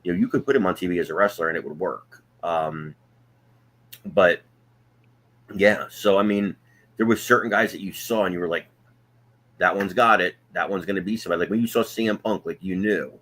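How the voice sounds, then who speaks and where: A man's voice: low voice, fairly quick, fairly bright tone. A man with a New Jersey accent, a former wrestling promoter co-hosting a casual chat show, rambling through stories with lots of fillers. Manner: rambling storyteller, frequent fillers. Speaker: wrestling promoter and podcast co-host.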